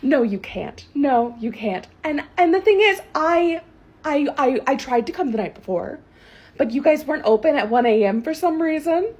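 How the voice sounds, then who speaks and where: An entitled middle-aged customer, played by a young woman, who demands everything in a high, swooping voice. She speaks indignantly, stumbling and restarting her sentences as she makes her complaints. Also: animated, normal speed, a little mellow.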